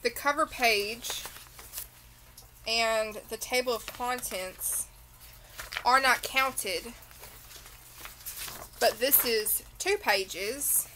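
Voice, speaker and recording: A woman's voice: on the high side, pushed and bright, slight background noise, rough recording. A tired woman with a Southern accent, rambling through a casual beauty unboxing chat full of tangents. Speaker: beauty vlogger.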